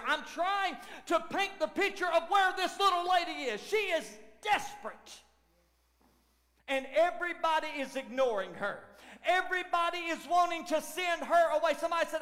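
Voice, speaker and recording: Male pastor, very high voice, animated preaching from shouts to hushed lines, long hall echo. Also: moderate pace. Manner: animated preaching, shouting at peaks and dropping to near whispers. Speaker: lead pastor. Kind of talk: sermon. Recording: long church hall reverb.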